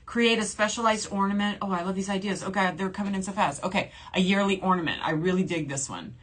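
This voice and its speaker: A woman's voice: mid-range voice, fast, a bit bright. A woman in her forties from New Orleans, a shopping channel host chatting casually on a livestream, reading viewer comments aloud and laughing often. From New Orleans, USA. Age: 40s.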